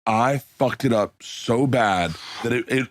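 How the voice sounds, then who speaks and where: A man's voice: medium pitch, takes it slowly, a little hiss or hum. A man telling a casual, self-mocking anecdote to a host.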